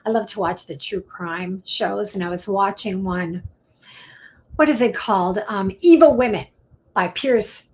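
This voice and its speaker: A middle-aged woman talks through legal points as a defense attorney. She is chatty and lively, and she acts out the back-and-forth of quoted conversations as she goes. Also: mid-range voice. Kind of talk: casual explainer talk.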